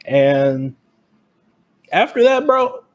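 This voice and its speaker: A man's voice: high-pitched, big pitch swings, very slow. A young man telling a heated, profane story in a casual podcast chat. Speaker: podcast co-host.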